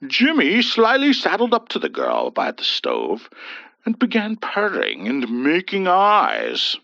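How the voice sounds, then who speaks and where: A man's voice: high-pitched, wildly swooping pitch, slow, creaky, bright, forceful tone, dry recording. A man narrating a scripted horror story with a theatrical, swooping delivery. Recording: dull dry lo-fi voice.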